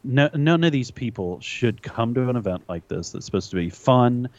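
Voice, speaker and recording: A man's voice: mid-range voice, expressive, moderate pace, darkish tone, dull audio. A man co-hosting a podcast in casual chat, talking earnestly and restarting often as he makes a point. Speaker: podcast co-host.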